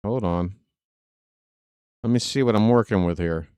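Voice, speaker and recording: A man's voice: on the low side, unhurried, darkish tone, smooth, dry recording, studio quality. A man hosting a live baseball stream, chatting casually with viewers and joking in asides.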